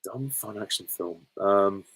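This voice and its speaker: A man from England with a lowish, husky, fairly bright voice speaks a little slowly on a low-quality recording. Hosting a casual Q and A, he answers viewer questions hesitantly and ramblingly, full of ums and small laughs.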